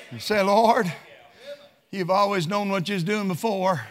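A man's voice: high voice, measured pace, fairly bright tone. A man preaching a sermon in a fervent, emphatic way.

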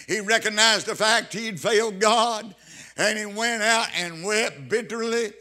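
A man's voice: sits high, a little slow, pushed and bright. A man preaching a fervent sermon, repeating phrases and calling out hallelujahs.

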